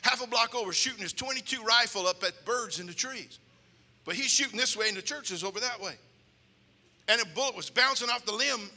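A male pastor telling a story in a sermon, animated, acting out voices and shouting at times. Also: very high-pitched, fairly quick. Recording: long reverb of a church hall.

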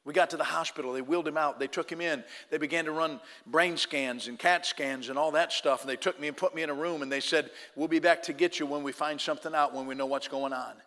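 A man who was once a firefighter giving an emotional personal testimony to an audience, loud in tense moments and hushed in prayer. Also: fairly high pitch, fairly even intonation, fast, hardly any pauses, big-room sound. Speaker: former firefighter telling a testimony.

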